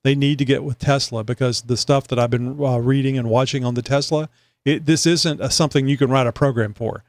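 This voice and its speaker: A man's voice: mid-range voice, fairly even intonation, brisk, no echo. A man hosting a podcast, chatting casually in a rambling way with many fillers. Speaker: podcast host. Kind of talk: casual chat.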